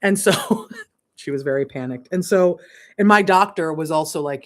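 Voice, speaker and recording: A spiritual coach shares a personal story on a relaxed livestream, her voice sitting low at normal speed. Animated, she laughs and curses along the way.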